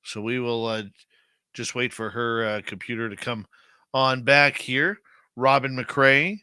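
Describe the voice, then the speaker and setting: A man's voice: medium pitch, steady tone, measured pace, pushed and bright, clear, resonant tone, no room sound. A man hosting a live radio show, chatting casually and joking as he greets listeners in the chat by name.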